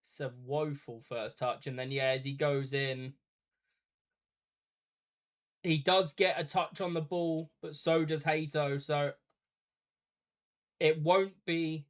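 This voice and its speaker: A man talking through a football match as it happens, calling each pass and foul in a relaxed, conversational way. He mixes play-by-play with casual asides to his viewers, as on a live watch-party stream. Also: fairly high pitch, unhurried. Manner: chatty play-by-play with asides to chat.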